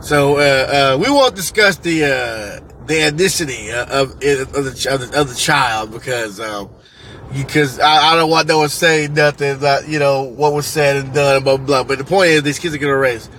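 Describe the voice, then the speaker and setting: A man's voice: medium pitch, moderate pace, fairly bright tone. A man talking casually to a vlog from his car in traffic, rambling and swearing with lots of fillers. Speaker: father telling a story.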